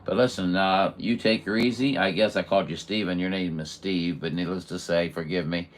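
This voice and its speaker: Folksy, low-voiced radio operator man. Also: steady tone, fairly quick. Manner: folksy, chatty, many fillers. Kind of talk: radio contact chat.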